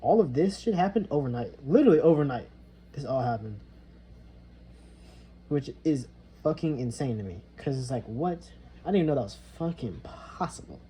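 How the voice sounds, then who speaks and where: A man's voice: mid-range voice, very animated, normal speed, pauses often, dark tone. A young man venting in a casual monologue, rambling and frustrated, swearing often and trailing off into mutters. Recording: slightly dull lo-fi recording with faint background noise.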